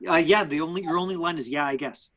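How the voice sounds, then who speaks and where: A man with a slightly high, husky voice runs an online acting class. He stops and restarts often, padding his coaching with fillers. He sounds like he is on a video call. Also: a bit bright, rough recording. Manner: halting, many fillers and restarts.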